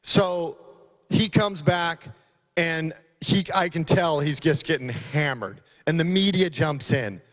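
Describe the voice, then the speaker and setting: Emphatic sheriff speaking in a reverberant hall. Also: male voice, fairly high pitch, takes it slowly, fairly bright tone. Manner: folksy storytelling, emphatic. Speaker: county sheriff. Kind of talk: conference speech. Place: conference hall.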